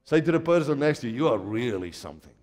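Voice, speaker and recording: Animated man preaching in a reverberant hall. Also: mid-range voice, fast. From Africa. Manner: animated preaching that swings from quiet to shouting, laughs often. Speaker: pastor. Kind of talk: sermon. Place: large church hall.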